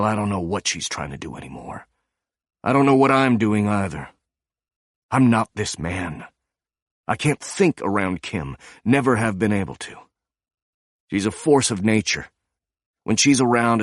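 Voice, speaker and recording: Man reading as brooding ex-agent, blunt, low voice, dry audiobook sound. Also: lively intonation, moderate pace, long pauses, dry recording, natural voice. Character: stubborn, weary male former agent.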